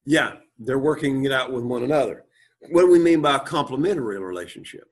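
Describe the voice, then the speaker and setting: Husky-voiced man teaching Greek class. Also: medium pitch, quick pace. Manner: asks students questions, reads and translates Greek aloud; frequent throat clearing. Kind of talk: classroom lecture.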